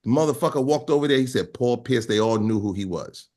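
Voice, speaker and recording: A man's voice: mid-range voice, fast, dark tone. A man co-hosting a podcast, telling stories in a casual, profane way and acting out the voices he quotes. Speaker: podcast co-host. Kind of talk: casual storytelling chat.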